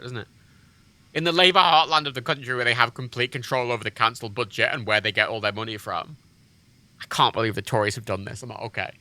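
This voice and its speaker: Man, sweary sarcastic streamer rant, very bright voice, dry close sound. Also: medium pitch, no echo. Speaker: livestreamer. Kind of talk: casual gaming-stream rant.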